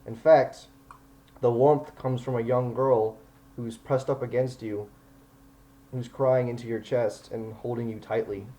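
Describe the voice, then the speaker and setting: A man's voice: medium pitch, fairly even intonation, unhurried, warm tone, low-quality recording. A man running a tabletop game as game master, narrating scenes in an easygoing, chatty way.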